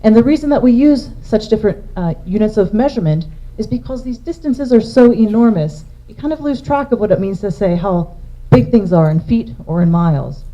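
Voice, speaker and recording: Speaking a little fast in a mellow, expressive mid-range voice, this woman astronomer walks her public audience through her slides one point at a time. The lecture is captured on a dull, lo-fi recording.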